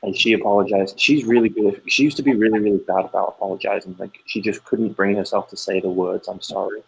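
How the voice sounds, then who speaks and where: A man's voice: fairly low pitch, fast, gravelly, rough recording. A man in his thirties, a podcast co-host, telling stories in casual chat and acting out quoted lines. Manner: animated storyteller, acts out quoted lines loudly.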